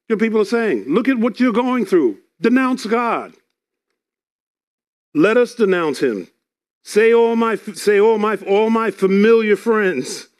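A man's voice: sits high, darkish tone. A man preaching a sermon, reading scripture aloud and explaining it earnestly, often repeating words.

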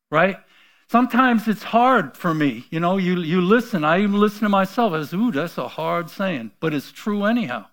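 A man's voice: sits high, fairly bright tone. A man preaching an informal sermon in a rambling, folksy way, chuckling between points. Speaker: pastor.

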